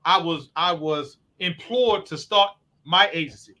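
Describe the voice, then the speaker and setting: Man, talk show host, earnest explainer, high voice, bright tone. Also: unhurried. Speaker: host, recovery program owner. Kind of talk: conversational talk show discussion.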